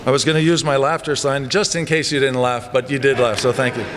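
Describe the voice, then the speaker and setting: Animated male coach in a reverberant church. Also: medium pitch, a little fast, noisy background. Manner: animated storytelling with comic voices. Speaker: basketball coach. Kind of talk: assembly speech. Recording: long church reverb, faint ambience.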